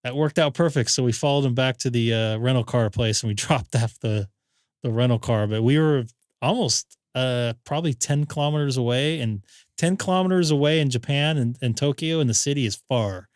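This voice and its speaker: A man's voice: medium pitch, a little fast, dry recording, studio quality. A man hosting a ham radio live stream, telling rambling stories in casual chat and acting out quotes. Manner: rambling anecdotes with acted-out quotes.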